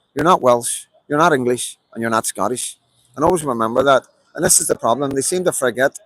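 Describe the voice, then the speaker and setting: Middle-aged Belfast man, mid-pitched, emphatic live-stream rant, dry recording. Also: no room sound, low-quality recording. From Belfast, Northern Ireland. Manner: emphatic and repetitive, many fillers. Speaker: livestreamer. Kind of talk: rambling live political monologue.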